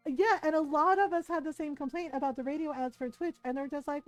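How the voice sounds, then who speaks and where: A woman's voice: high-pitched, expressive, brisk, few pauses, no echo, faint music behind. A middle-aged woman streamer chatting casually while gaming, laughing often and swearing freely.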